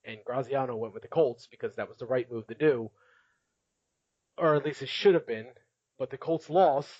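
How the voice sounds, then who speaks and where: A man's voice: mid-range voice, moderate pace, darkish tone, no room sound, highs cut off. Chatty laughing male podcast host. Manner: chatty, laughs often, recaps with filler words. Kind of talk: casual podcast chat.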